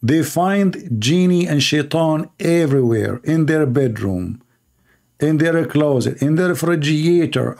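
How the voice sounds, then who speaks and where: Sarcastic man with a gravelly voice. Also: on the high side, lively intonation, unhurried, a little mellow. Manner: sarcastic, mocking, non-native English grammar. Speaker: debate stream host. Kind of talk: mocking live-stream commentary. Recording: recorded live on stream.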